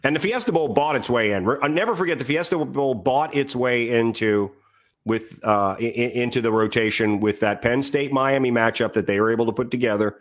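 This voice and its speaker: A man's voice: medium pitch, fairly quick. A man co-hosting a sports podcast, talking casually and rambling through trivia with many fillers. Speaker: podcast co-host.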